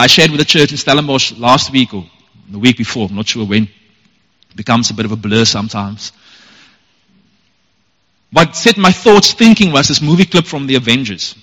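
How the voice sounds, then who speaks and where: Male pastor, earnest emphatic sermon delivery, slightly high, echoey church hall. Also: sharp tone. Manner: earnest, emphatic preaching with repeated phrases.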